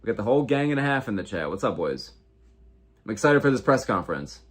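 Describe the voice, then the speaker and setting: A fairly low, sing-song voice moves quickly as a twenty-something American man runs a relaxed livestream, reading chat comments and swearing heavily in slangy reactions.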